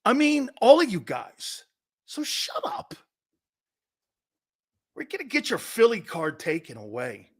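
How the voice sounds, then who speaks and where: A man with a Philadelphia accent hosting an opinionated sports talk show, loud and excitable, often laughing and shouting. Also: high voice, moderate pace, hardly any pauses.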